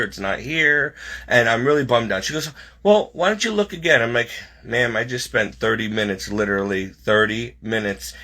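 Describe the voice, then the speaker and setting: Husky man rambling through a story. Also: mid-range voice, pushed and bright. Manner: rambling, many "like"s and restarts. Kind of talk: casual storytelling on a video call. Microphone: video call.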